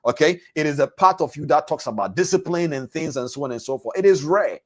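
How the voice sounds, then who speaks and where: A man's voice: fairly high pitch, lively intonation, brisk. A man coaching traders in a live online masterclass, talking straight to his listeners, repeating words and phrases for emphasis and asking them questions as he goes. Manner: addresses listeners directly with questions. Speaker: trading coach.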